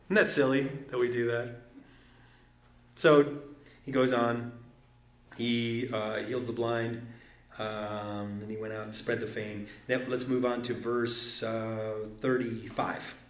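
A man preaching a sermon as pastor, moving between loud exclamations and quiet asides. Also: medium pitch, a little hiss or hum. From Detroit. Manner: animated, swings from loud exclamations to soft asides. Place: church sanctuary. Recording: echoey room.

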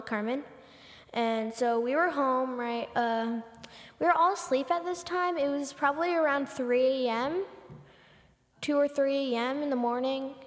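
Chatty teen girl, high voice. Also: long reverb tail. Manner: breathless retelling full of "like" and repeats. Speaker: podcast host. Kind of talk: casual solo storytelling.

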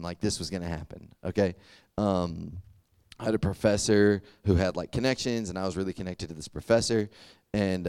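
A man's voice: low-pitched, darkish tone, clear, resonant tone, no room sound, clean studio sound. A young man giving a casual, conversational sermon, often stopping to check "does that make sense?". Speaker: youth pastor.

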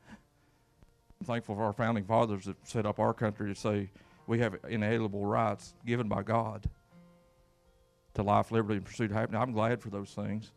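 A pastor from Kentucky preaches a sermon in a lowish, gravelly voice. His delivery is folksy and emphatic, with repeated words and call-outs to the congregation.

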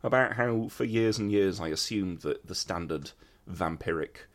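A man's voice: deep voice, normal speed. A man co-hosting a comedy podcast, playfully interjecting with jokes. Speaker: podcast co-host. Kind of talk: casual comedy chat.

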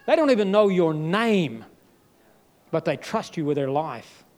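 A man preaching a sermon with emphatic, dramatic delivery, voice leaping up and dropping low. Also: lively intonation, unhurried. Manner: emphatic, with sudden jumps and drops in pitch and loudness.

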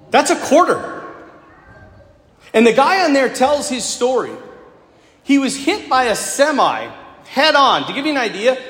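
Animated priest preaching in an echoey church. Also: male voice, extremely high pitch. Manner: animated storytelling with casual asides. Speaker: Catholic priest. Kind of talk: conversational homily. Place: large church. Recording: echoey hall with long reverb.

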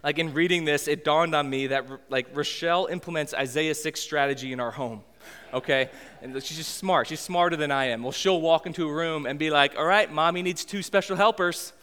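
A man in his thirties preaching a sermon as pastor, conversational and animated as he tells the story. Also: on the high side, brisk, smooth, big-room sound.

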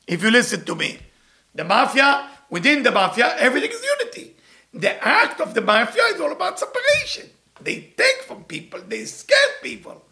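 Middle-aged teacher, high bright gravelly voice, emphatic, keeps repeating his points. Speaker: Torah teacher. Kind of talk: animated Torah lesson.

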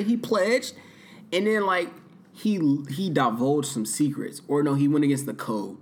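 A man hosting a podcast, recapping a movie in a rambling, profane, casual way, swinging from loud bursts to muttered asides. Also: a little high, big pitch swings, normal speed. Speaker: podcast host.

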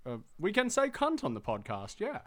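A man's voice: sits high, wildly swooping pitch, normal speed, crowd noise. An Australian man co-hosting a podcast in casual chat, rambling with many fillers and the odd swear. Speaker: podcast co-host.

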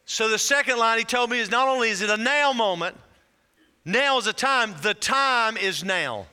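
A man preaching a sermon, drawing out key phrases slowly and building in fervor as he speaks. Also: extremely high pitch, pushed and bright. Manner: preaching with slow drawn-out emphasis and rising fervor. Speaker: pastor. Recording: reverberant hall.

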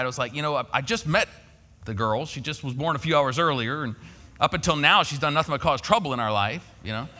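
A man's voice: medium pitch, pushed and bright, in a large hall. A man preaching a sermon, telling a personal story in a folksy, conversational way. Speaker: pastor.

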